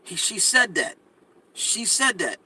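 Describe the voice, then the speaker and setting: A man's voice: high voice, very animated, takes it slowly, pushed and bright, slightly rough, poor audio. A man talking casually on a podcast, emphatic and repetitive, telling stories with restarts and stutters. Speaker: podcast co-host. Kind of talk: casual conversational commentary.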